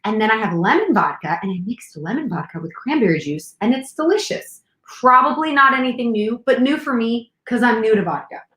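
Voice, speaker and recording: Lively, chatty woman host in a roomy room. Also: a little high, fairly quick, few pauses. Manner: animated and talkative, jumps between topics. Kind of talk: casual chat on a live stream.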